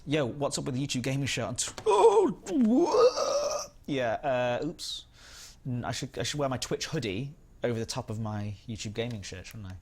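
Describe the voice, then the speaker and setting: A man's voice: medium pitch, fairly quick, slight background noise. A young man hosting a live game stream, chatting casually and greeting viewers by name in an upbeat way.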